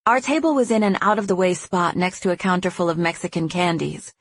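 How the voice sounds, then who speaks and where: A woman reading a first-person romance audiobook, narrating smoothly and giving the heroine's lines a lively, playful voice. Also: on the low side, fairly quick, slight background noise.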